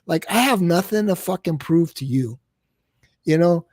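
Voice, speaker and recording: A man's voice: a little high, lively intonation, normal speed, darkish tone, no room sound, clean studio sound. A man talking heatedly about a personal hurt, swearing a lot and repeating himself. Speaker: streamer guest. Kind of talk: emotional casual talk on a livestream.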